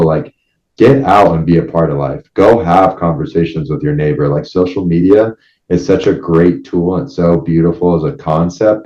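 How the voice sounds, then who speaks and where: Deep-voiced guy guesting on a podcast, earnest and kinda preachy, dull echoey sound. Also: mellow. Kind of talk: casual chat.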